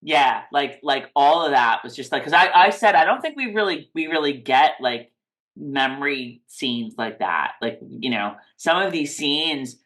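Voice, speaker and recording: A woman's voice: sits low, animated, a little slow, a bit bright. A woman co-hosting a TV recap podcast, chatting casually and rambling with lots of "like" and restarts. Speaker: podcast co-host.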